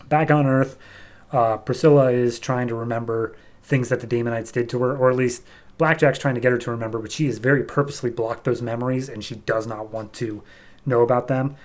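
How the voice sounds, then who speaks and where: A man in the host chair talks through a comic issue in a relaxed, rambling way, full of "like" and "um". He bumps his voice up to act out the characters' lines. His speaking voice sits at an ordinary middle pitch. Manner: chatty, loose with lots of "like" and "um", voices quoted characters with raised pitch. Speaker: podcast host. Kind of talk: casual comic-book recap.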